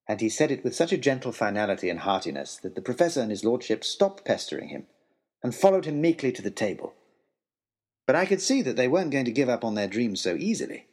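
Man reading a kids adventure story, expressive, slightly husky voice. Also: medium pitch. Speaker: narrator. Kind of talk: audiobook narration of a children's adventure.

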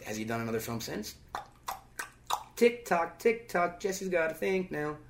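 Joking, quick podcast guest man. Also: fairly high pitch, big pitch swings. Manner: joking, swearing, quick asides. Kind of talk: casual comedic chat.

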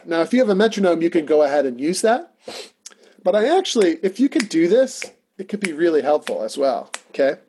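Man, music teacher, casual lesson, slightly higher voice, faint hiss in the background. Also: lively intonation, normal speed. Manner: talky, encouraging, sings rhythm syllables.

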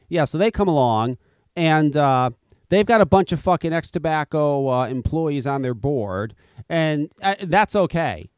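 High-voiced man ranting, profane. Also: very animated, measured pace, darkish tone, clean tone, dry recording, studio quality. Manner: heated, sarcastic, heavy swearing. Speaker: podcast host. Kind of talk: profane ranting talk radio.

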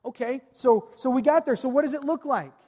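A man pastor preaching a sermon earnestly, reading scripture aloud and letting his phrase ends fall soft. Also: very high-pitched, fairly quick, in a large hall.

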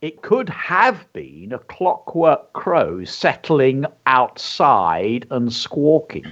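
Lively man teaching kids. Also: mid-range voice, extremely slow. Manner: enthusiastic, teacherly, carefully stresses words. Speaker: children's show co-host and teacher. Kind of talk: educational chat for children. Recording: dull lo-fi sound.

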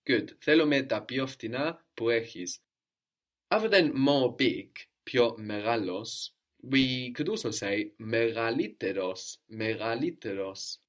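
A man's voice: medium pitch, a little slow. A man teaching a Greek lesson, patiently explaining grammar step by step and prompting his student with questions.

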